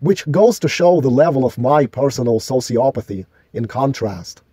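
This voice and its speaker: A man's voice: medium pitch, expressive, moderate pace, warm tone, breathy edge, dry recording. A man delivering a solo vlog rant in an indignant, argumentative, profane way. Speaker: vlogger.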